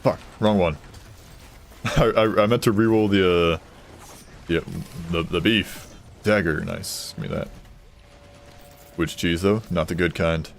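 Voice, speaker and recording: Male streamer, very low voice, offhand joking commentary over faint game noise. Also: slow, pauses often. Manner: joking, reading chat aloud, offhand. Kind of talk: casual gaming stream commentary.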